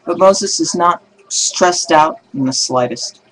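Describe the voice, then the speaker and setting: A man telling religious jokes in a casual video blog, animated and laughing at his own punchlines. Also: a little high, slow, poor audio.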